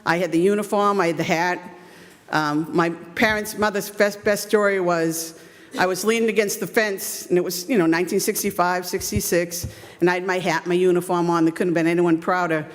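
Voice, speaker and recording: A woman's voice: on the low side, fairly even intonation, a little fast. A woman in her fifties, a youth baseball coach, giving a chatty, self-deprecating storytelling speech full of ums. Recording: long hall reverb.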